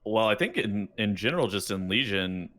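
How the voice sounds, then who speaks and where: A man's voice: lowish voice, sing-song, normal speed, fairly bright tone. A man who casts esports, co-hosting a gaming podcast and talking in a loose, offhand way. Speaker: podcast co-host and esports caster. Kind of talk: casual gaming podcast chat.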